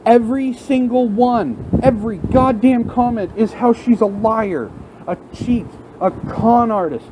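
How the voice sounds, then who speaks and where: A man's voice: very high-pitched, measured pace, background noise. An angry man delivering an unscripted, profane rant into his phone at work, in front of a large window. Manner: heated, profane ranting. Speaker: vlogger.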